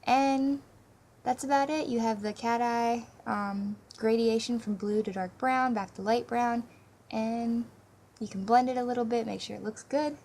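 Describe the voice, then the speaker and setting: A woman's voice: a little high, fairly even intonation, unhurried, darkish tone, a little hiss or hum. A young woman casually narrating a makeup tutorial, rambling a bit with ums and self-corrections. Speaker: makeup vlogger. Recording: music playing underneath.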